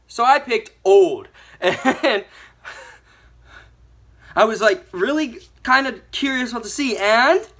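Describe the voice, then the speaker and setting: A young woman giving a ranting movie review, animated and exasperated, with mild swearing. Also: on the high side, slow, pauses often.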